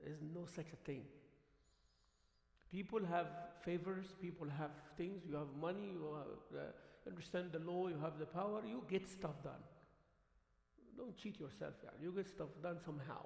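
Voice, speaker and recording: A man giving a conversational sermon as imam, animated, acting out the voices of the people in his stories and dropping in Arabic words. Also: a little high, moderate pace, vocal fry. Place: mosque prayer hall. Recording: echoey hall livestream.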